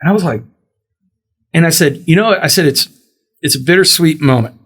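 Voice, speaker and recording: Briskly and in a higher voice, this middle-aged man hosting a podcast spins a lengthy, casual story. He's an animated storyteller who performs the quoted lines of each character.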